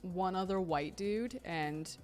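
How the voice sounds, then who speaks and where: A woman's voice: fairly low pitch, takes it slowly, a little mellow. A woman co-hosting a livestream, chatting and telling anecdotes with frequent laughter. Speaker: co-host. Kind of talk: casual chat.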